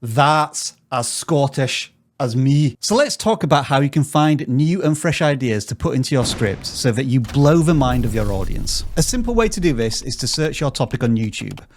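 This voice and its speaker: A man hosts a scripted tutorial, giving direct tips on growing a channel. His voice sits at an ordinary pitch but swings up and down with lots of life. He stays upbeat and drops in the odd joke. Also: animated, normal speed, few pauses. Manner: upbeat, joking, direct advice. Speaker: YouTube growth tutorial host.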